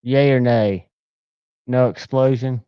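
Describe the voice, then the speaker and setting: A man's voice: medium pitch, steady tone, slow pace, clear, resonant tone, no room sound, muffled recording. A man hosting a casual livestream, chatting in a rambling, enthusiastic way. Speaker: livestream host. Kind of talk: casual chat.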